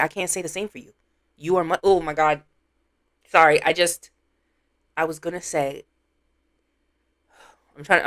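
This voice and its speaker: A woman reaction streamer giving casual commentary, teasing and laughing with loud exclamations. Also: low-pitched.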